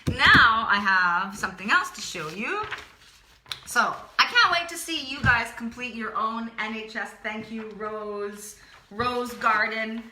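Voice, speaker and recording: A woman's voice: on the high side, animated, takes it slowly, bright, forceful tone, reverberant, slight background noise. A woman teaching a drawing lesson, chatty and encouraging, repeating words to herself as she draws. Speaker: art teacher. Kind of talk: drawing tutorial, talking while working.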